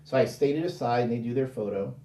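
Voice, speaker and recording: Animated storytelling man, mellow and roomy. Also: mid-range voice, fast, a little hiss or hum. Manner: animated, acts out dialogue in quoted voices; rambling with frequent restarts and fillers. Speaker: interview guest. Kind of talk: casual anecdote storytelling. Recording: roomy sound from a distant mic.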